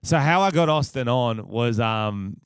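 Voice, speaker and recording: An Australian man hosts his podcast with a smooth, resonant voice at a middle pitch. He swears constantly and rambles through his stories, laughing at his own jokes. The sound is dry and close. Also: lively intonation, measured pace, no room sound. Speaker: podcast host. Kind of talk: casual podcast storytelling.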